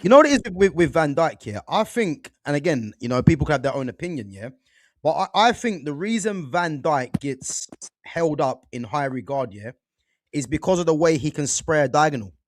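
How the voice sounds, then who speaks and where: Lively man, keeps asking "yeah?". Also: fairly high pitch, fairly quick, no echo. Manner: checks in constantly with "yeah?" and "you know". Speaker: football podcast co-host. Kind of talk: casual debate.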